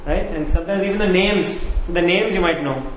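A man's voice: sits high, brisk, a little hiss or hum. A man preaching a sermon, who asks his listeners questions and repeats key phrases. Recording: very echoey room with faint ambience.

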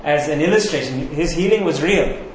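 A man preaching a sermon as pastor, emphatic, repeating key phrases and slowing down on them. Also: on the high side, slight background noise. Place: church sanctuary. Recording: very echoey hall, faint ambience.

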